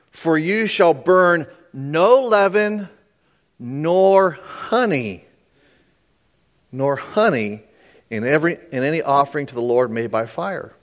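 A man teaching a sermon through scripture, reading verses aloud and explaining them in a chatty way, often checking in with listeners and joking. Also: mid-range voice. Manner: conversational, checks in with listeners, puns and jokes. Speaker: preacher.

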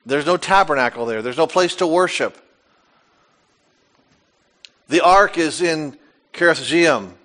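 A male pastor with a notably high-pitched voice delivers a folksy sermon. He reads the Bible aloud and voices its characters, turning to the congregation with playful asides. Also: sharp tone.

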